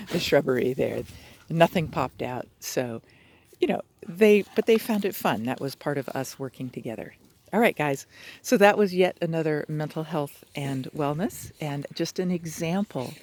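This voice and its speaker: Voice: mid-range voice, a little mellow, slight background noise. A dog trainer giving a casual, upbeat outdoor lesson, chatty and full of fillers and restarts. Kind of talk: casual instructional talk. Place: outdoors in brushy terrain with dogs.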